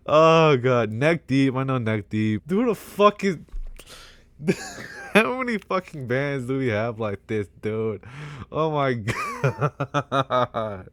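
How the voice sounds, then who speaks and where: A young man rambling casually as a vlogger, excitable, swearing a lot and laughing often between remarks. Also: mid-range voice, measured pace, no room sound.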